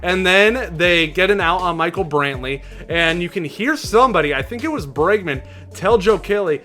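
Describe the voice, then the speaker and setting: Young man, sports vlogger, high bright voice, animated and indignant. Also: normal speed, soft background music. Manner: animated, indignant, acts out players' quotes. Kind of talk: casual reaction commentary.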